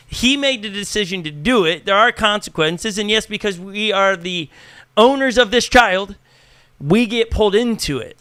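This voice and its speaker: A man, a pastor hosting a casual church podcast, talking in an animated way, acting out little dialogues and often restarting his sentences. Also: high-pitched, moderate pace, smooth, dry recording. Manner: animated, acts out quoted dialogue, frequent restarts. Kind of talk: casual chat.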